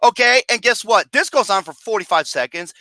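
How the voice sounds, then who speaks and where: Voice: medium pitch, brisk, a little hiss or hum. A movie review host ranting profanely and sarcastically about a film, laughing often as they talk. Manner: animated, laughing, swearing, sarcastic. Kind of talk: profane comedic rant.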